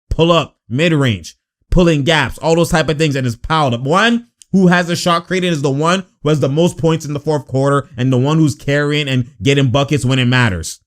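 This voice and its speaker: A man giving casual, slang-filled reaction commentary on basketball footage, animated and exasperated. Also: on the high side.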